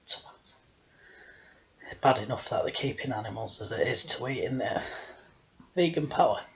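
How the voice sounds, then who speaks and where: A man's voice: medium pitch, normal speed, vocal fry, fairly bright tone, dull audio. Rambling, self-mocking man. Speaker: storyteller host. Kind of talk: casual joke-telling home video.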